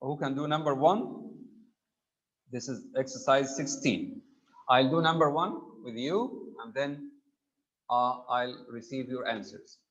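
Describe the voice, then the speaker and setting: A man's voice: mid-range voice, measured pace, fairly bright tone, lo-fi sound. A male teacher explaining grammar step by step, with frequent fillers and worked examples. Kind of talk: grammar lesson.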